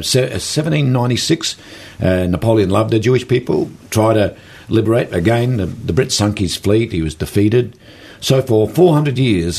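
Gravelly Australian man telling stories. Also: fairly low pitch. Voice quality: gravelly, husky. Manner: animated, folksy storyteller. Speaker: guest author. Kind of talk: storytelling interview talk.

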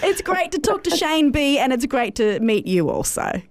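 A woman's voice: sits high, big pitch swings, normal speed. A woman co-hosting a live radio interview, speaking as an encouraging interviewer. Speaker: radio co-host.

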